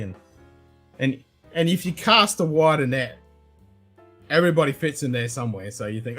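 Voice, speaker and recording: A man hosting a casual whisky chat, blunt and quick to swear, laughing often. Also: fairly high pitch, animated, fairly bright tone, faint music behind. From Australia. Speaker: host.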